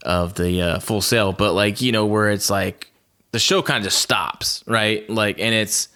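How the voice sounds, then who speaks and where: A man co-hosting a podcast in casual chat, halting, with many restarts and fillers. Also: lowish voice, fairly even intonation, sharp tone. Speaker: podcast co-host.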